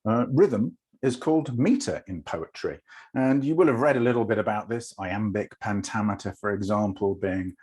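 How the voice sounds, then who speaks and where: A man's voice: lowish voice, normal speed, a little mellow, husky. A man teaching an informal online lesson on poetry, talking loosely with lots of fillers and asides. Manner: rambling, with many fillers.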